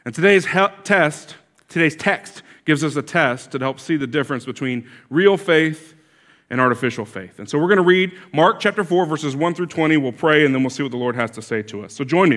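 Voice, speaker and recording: A man's voice: on the high side, a little fast, fairly bright tone. A man preaching a sermon as a pastor, telling a story in a conversational way with asides and restarts.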